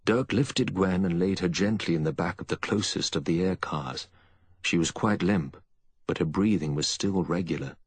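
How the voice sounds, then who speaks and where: A man reading a novel aloud as narrator in a steady storytelling voice. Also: sits low, moderate pace, breathy edge, no room sound. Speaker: audiobook narrator. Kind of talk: scripted narration.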